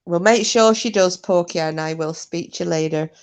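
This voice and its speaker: A woman's voice: fairly low pitch, moderate pace, clear, resonant tone. Chatty British woman hosting a livestream. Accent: British English. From United Kingdom. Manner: chatty, swears freely, mocking. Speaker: livestream host. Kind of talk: casual live chat with viewers.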